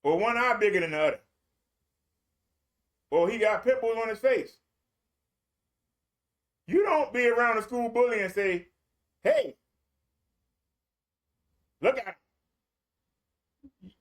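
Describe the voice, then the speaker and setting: A man's voice: very high voice, expressive, moderate pace, pauses often, a bit bright. A man preaching a streamed sermon in a colloquial, repetitive storytelling way.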